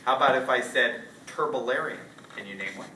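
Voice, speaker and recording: Heard from a distance in a roomy lecture hall with light noise, a male lecturer teaches a casual college zoology class. He speaks a little fast in a mid-range, pushed, bright voice, quizzing students and frequently asking "right?".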